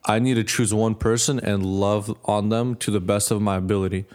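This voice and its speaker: A young man telling a story in casual chat, animated, acting out the people he quotes and laughing often. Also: fairly low pitch, brisk. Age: young adult. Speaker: podcast co-host.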